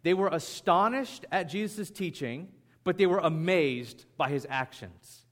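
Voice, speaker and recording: A man preaching a sermon as pastor, in an animated, conversational way. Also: fairly high pitch, unhurried.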